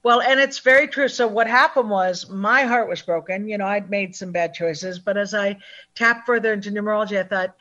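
A woman talking as a numerologist guest in an interview, upbeat and chatty, acting out other people's lines in lively voices. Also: mid-range voice, fairly quick, dull audio. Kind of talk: phone-in interview, animated and chatty.

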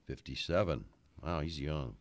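A man's voice: rumbling low, measured pace, no echo. A man hosting a radio show, chatting casually and telling rambling, folksy stories in a studio. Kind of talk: casual on-air chat.

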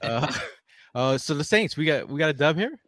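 A man's voice: on the high side, big pitch swings, moderate pace, fairly bright tone, dry recording. Stammering, rambling man co-host. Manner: rambling, stammering restarts, slangy. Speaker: podcast co-host. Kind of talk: casual sports chat.

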